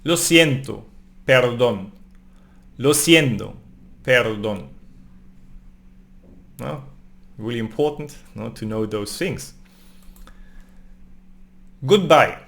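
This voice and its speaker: A man teaching a language lesson, reading phrases slowly and repeating them, often adding a questioning "no?". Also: medium pitch, animated, creaky, fairly bright tone. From Germany. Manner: slow, repeated pronunciation drills with tag questions.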